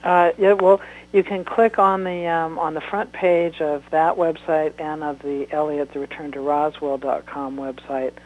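A woman author reading a chapter of her book aloud in steady, unhurried narration. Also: low-pitched, poor audio.

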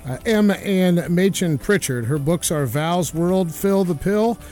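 Man, radio host, folksy, encouraging, high mellow voice. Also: measured pace, soft background music. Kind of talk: radio interview.

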